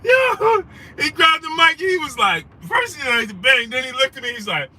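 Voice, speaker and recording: Animated man telling a ringside story. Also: extremely high pitch, normal speed. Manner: animated, laughing, shouts out viewers. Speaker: livestream host. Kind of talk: casual livestream storytelling. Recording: noisy street background.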